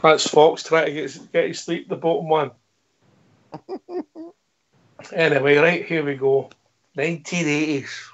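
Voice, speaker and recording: A man's voice: on the high side, expressive, takes it slowly, pauses often. A man hosting a casual fan call-in show, chatty and bantering. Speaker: radio show host. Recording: dull lo-fi sound.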